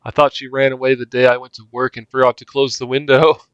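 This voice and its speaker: Young man, gaming commentary, reads the story aloud, casual swearing asides, mid-pitched voice, dry close mic. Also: flat delivery, quick pace, clean tone, no room sound, lo-fi sound. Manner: casual, swearing, laughing reactions. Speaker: gaming youtuber.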